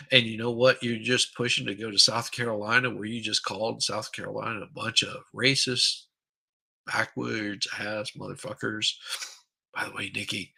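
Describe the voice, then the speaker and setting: A man's voice: lowish voice, steady tone, moderate pace, vocal fry, bright, forceful tone, slightly rough. A middle-aged man hosting a livestream, ranting crudely and mockingly about politics, profane and rambling. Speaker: livestream host. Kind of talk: crude comedic political rant.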